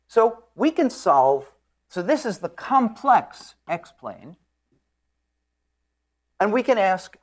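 A man lecturing on physics, explaining at a board in a joking storytelling way and often clearing his throat. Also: fairly high pitch. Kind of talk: classroom lecture.

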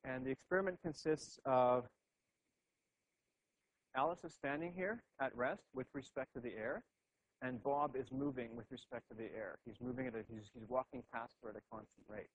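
A man's voice: medium pitch, moderate pace, breathy edge, low-quality recording. A man giving a classroom physics lecture at a board, thinking aloud with frequent restarts and "okay"s.

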